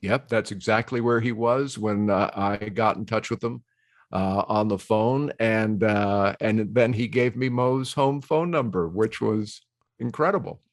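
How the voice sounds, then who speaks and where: An older man, a guest on a conversation show, telling stories in a lively way, acting out quoted voices and laughing easily. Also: on the low side, measured pace, dry recording, clean studio sound. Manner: animated storyteller who slips into quoted voices. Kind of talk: casual conversation.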